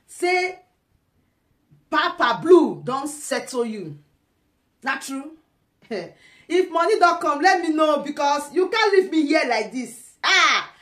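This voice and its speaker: A woman's voice: high-pitched, a bit bright, echoey room. A woman with a Nigerian accent giving teasing, laughing commentary in casual pidgin.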